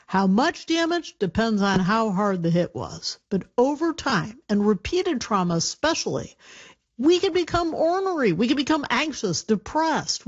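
A woman, a family doctor, explaining a medical topic in an interview, clear and deliberate. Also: fairly high pitch, darkish tone, lo-fi sound. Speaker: family doctor, health contributor.

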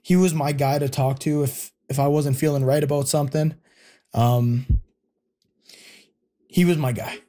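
A young man telling a personal family story in an interview, casual and heartfelt, pausing often with fillers. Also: fairly high pitch, steady tone, warm tone. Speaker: guest.

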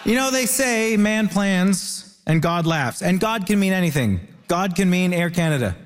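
High-voiced comedian man from Ontario. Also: lively intonation, moderate pace. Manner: wry, rambling, playful. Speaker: comedian, debate contestant. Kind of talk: stand-up comedy bit. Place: theatre stage before a live audience. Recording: live hall with crowd noise.

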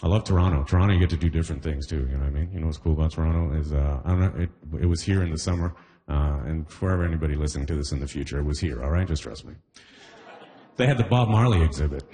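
A man's voice: very deep voice, rapid-fire, mellow. A Caribbean man with a Trinidadian accent performing a chatty stand-up comedy set on a club stage. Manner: chatty, peppered with "you know what I mean".

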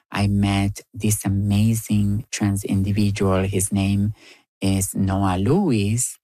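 A woman from Argentina with an Argentine Spanish accent, telling personal stories in an interview in a slow, playful way. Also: a bass voice, warm tone, no echo. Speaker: storyteller and writer.

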